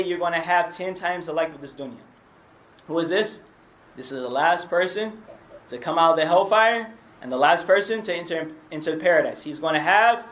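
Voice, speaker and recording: High-voiced man giving a mosque lecture. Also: a bit bright. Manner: recites Arabic quickly, then translates in English. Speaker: religious lecturer. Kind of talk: mosque lecture explaining hadith.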